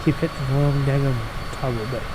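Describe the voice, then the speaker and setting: A man, hosting a gaming channel and telling stories in a folksy, animated way, grumbling and swearing as he plays. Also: mid-range voice, fast, background noise. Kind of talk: casual storytelling while playing.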